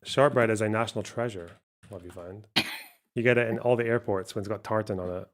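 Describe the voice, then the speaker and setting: A man's voice: lowish voice, brisk. Dry, teasing Scottish man. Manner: dry, teasing, swears casually. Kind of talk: casual chat.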